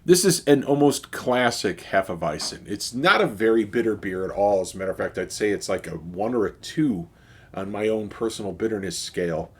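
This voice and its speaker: A man's voice: on the low side, brisk, slightly rough. A middle-aged man with a Chicago accent, chatting casually as he reviews a beer in his video. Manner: relaxed and chatty, with fillers and sighs.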